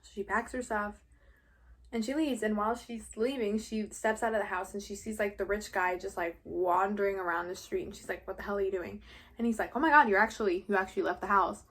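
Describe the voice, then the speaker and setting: A woman's voice: medium pitch, steady tone, fairly quick. Chatty teenage girl gossiping through a story recap. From New York. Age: late teens. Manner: chatty, gossipy retelling with playful swearing. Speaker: vlogger. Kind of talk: casual story recap during a mukbang.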